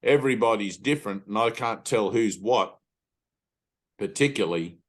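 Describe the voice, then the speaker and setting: A man's voice: fairly low pitch, animated, moderate pace. Blunt, emphatic man teaching. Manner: emphatic and blunt, swears, acts out inner voices. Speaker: spiritual teacher. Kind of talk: informal spiritual talk to students.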